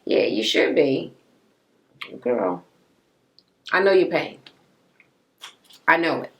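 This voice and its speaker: A woman's voice: low voice, a little slow. A woman ranting in a casual recap of a reality show, blunt, profane and mocking. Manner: exasperated, animated.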